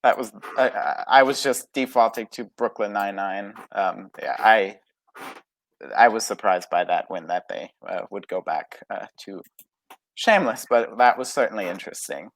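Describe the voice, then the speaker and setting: A man's voice: fairly low pitch, normal speed. A man hesitantly sharing awards opinions in a casual panel chat, with many ums and uhs. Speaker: awards pundit.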